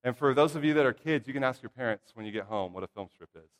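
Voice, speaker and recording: A man's voice: medium pitch, fast talker. Folksy preacher man in a reverberant church. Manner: folksy and humorous, with lively asides to the congregation. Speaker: pastor or church minister. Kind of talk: casual storytelling sermon. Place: church sanctuary. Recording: long hall reverb.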